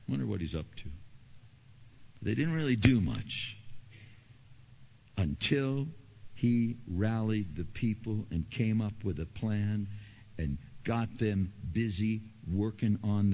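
A man preaching a sermon as pastor, emphatic and animated. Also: fairly low pitch. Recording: dull lo-fi recording.

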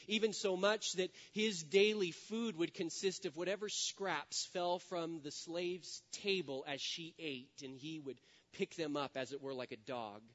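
A man preaching a sermon in a church, telling a story in an earnest way. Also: fairly high pitch. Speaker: pastor. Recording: dull sound with long hall reverb.

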